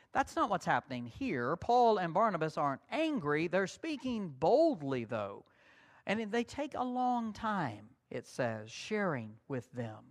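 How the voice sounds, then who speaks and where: A man's voice: sits high, fairly bright tone. A man preaching a sermon as pastor, folksy and conversational.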